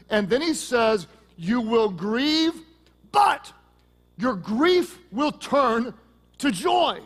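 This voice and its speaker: A middle-aged man preaching a sermon as pastor, joking and lively, with sudden loud peaks. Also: high voice.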